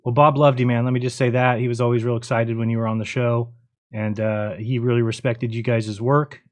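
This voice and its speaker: A man's voice: mid-range voice, level tone, fairly quick. A man hosting a memorial livestream, speaking in a subdued, hesitant way while sorting out guests and tech. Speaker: show host.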